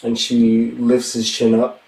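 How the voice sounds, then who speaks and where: A man narrating a tabletop game as game master, in slow, hushed, deliberate narration, recorded in a roomy space from a distant mic. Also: mid-range voice, completely flat delivery, gravelly.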